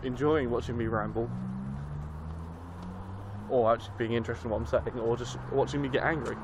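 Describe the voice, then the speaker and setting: A young man records a casual vlog on his phone. He rambles and swears freely as he tells his story, in a mid-pitched voice. Traffic and street noise sit clearly behind him. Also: fairly even intonation, fairly quick. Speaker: vlogger. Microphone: handheld phone.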